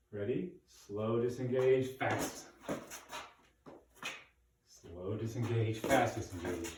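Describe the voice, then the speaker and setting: Fencing coach guy, kinda low voice, calling out drills, far off in a big echoey room. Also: a little hiss or hum. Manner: calls out drill cues in a steady rhythm. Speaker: fencing instructor. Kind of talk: online class instruction.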